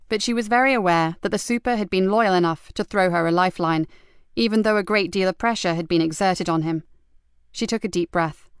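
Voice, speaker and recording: A woman narrating an audiobook mystery in a measured, even storytelling manner. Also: on the low side, clear, resonant tone, dry recording, clean studio sound. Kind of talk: scripted narration.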